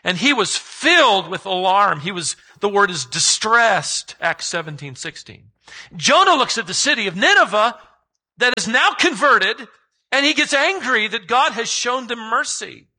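A man preaching with a high, lively voice that swings widely in pitch. His tone is very bright, with a husky edge. He speaks emphatically and keeps asking his listeners rhetorical questions. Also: unhurried, poor audio. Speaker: pastor. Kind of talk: sermon.

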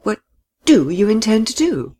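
A reader voicing an intense, brooding young woman who speaks slowly and gravely, pressing her point, in an audiobook. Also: medium pitch, big pitch swings, warm tone, pitched above the performer's own voice, lightly acted. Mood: insistent. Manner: grave, slow and insistent. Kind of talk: audiobook dialogue reading.

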